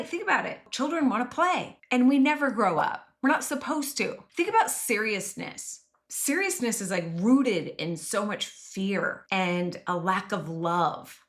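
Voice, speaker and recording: A woman's voice: mid-range voice, lively intonation, unhurried, few pauses, fairly bright tone. A woman in her forties giving an earnest motivational talk as a wellness coach, stressing and repeating key phrases. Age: 40s. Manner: earnest, emphatic, repeats key phrases, acts out quoted voices.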